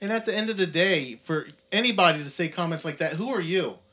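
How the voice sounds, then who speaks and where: A man's voice: sits high, fairly quick, soft background music. A man co-hosting a podcast, chatting casually and mimicking people in the stories he retells. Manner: animated, mimics others in retold stories. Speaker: podcast co-host. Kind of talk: casual chat. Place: recording studio.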